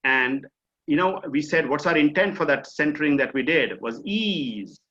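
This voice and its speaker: A man's voice: on the high side, animated, normal speed, fairly bright tone. A middle-aged man with an Indian accent, teaching an online mindfulness session in a conversational, explanatory way with frequent fillers. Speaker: mindfulness coach. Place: home or office on a video call. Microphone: video call. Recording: dull lo-fi video call audio.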